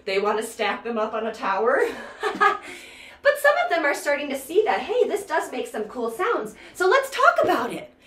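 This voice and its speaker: A woman's voice: high voice, very animated, normal speed, fairly bright tone, roomy sound. A woman teaching a toddler music class, counting rhythms and chanting in a bouncy sing-song way. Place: indoor room, sitting on floor.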